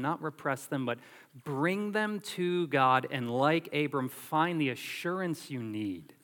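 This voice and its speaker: Bright-voiced man preaching emphatically. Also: fairly high pitch, long reverb tail. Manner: animated, emphatic preaching with everyday illustrations. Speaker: pastor. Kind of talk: sermon.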